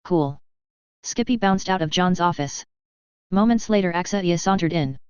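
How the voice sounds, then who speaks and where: A woman narrating a story in a steady, matter-of-fact way. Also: lowish voice, moderate pace, smooth, no room sound, highs cut off. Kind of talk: story reading.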